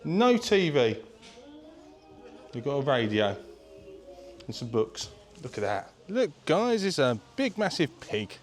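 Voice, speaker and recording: Excitable chatty man with a lively voice. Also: mid-range voice, takes it slowly, pauses often, soft background music. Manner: chatty and excitable, keeps addressing viewers. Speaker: travel vlogger. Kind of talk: casual walking tour vlog. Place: visiting an open-air museum, indoors and outdoors.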